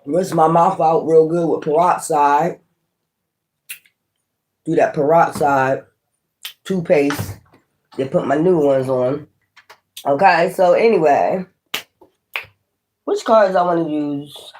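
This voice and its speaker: A man hosts a laid-back tarot vlog, rambling and chewing as he talks. His voice sits a little high and his delivery is very slow. Faint noise hums under the recording. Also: a little mellow. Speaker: tarot reader. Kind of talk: casual tarot vlog chat.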